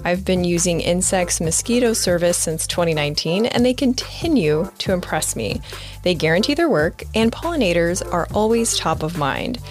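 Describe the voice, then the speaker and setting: A woman's voice: fairly low pitch, animated, moderate pace, faint music behind. A woman hosting a podcast, asking questions and reading sponsor ads in an upbeat, friendly way. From United States. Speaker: podcast host. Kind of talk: casual interview and ad reads.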